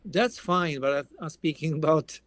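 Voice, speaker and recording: Swedish guitarist guest, rambling chat, dry close sound. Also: male voice, fairly high pitch, moderate pace, fairly bright tone, dry recording. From Sweden. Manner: rambling, frequent restarts. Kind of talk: casual interview chat.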